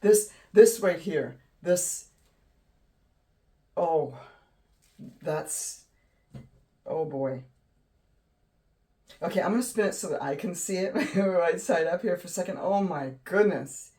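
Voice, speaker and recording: A woman hosting a casual painting tutorial, gushing and excitable, often trailing off mid-sentence. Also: on the low side, slow pace, pauses often. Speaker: art channel host. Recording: voice a bit distant from the mic.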